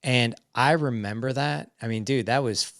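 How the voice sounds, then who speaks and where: A man's voice: mid-range voice, moderate pace, fairly bright tone, dry recording, studio quality. A man in his forties telling a frank personal story as a podcast guest. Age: 40s. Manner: frank, acts out quoted dialogue.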